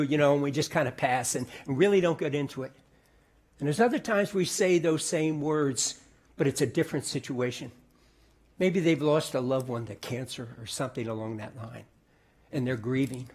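Middle-aged male pastor, husky and fairly high, easy conversational sermon delivery with restarts. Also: moderate pace. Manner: conversational preaching, repeats words, drops to soft quiet tones.

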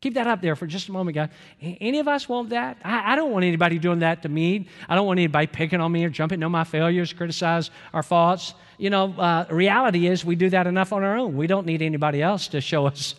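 High-voiced pastor preaching in a reverberant hall. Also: male voice, quick pace. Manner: animated, conversational preaching with audience asides. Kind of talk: sermon.

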